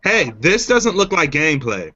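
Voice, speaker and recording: A man's voice: fairly high pitch, big pitch swings, moderate pace, bright, forceful tone, no echo, highs cut off. A man chatting casually with friends, making blunt, cynical remarks and swearing. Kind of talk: casual group chat.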